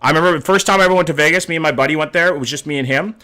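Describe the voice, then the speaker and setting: A man's voice: a little high, rapid-fire, bright, forceful tone. A young man in his twenties from Canada, casually chatting with his livestream viewers, greeting them by name and swearing offhandedly. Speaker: streamer reading chat.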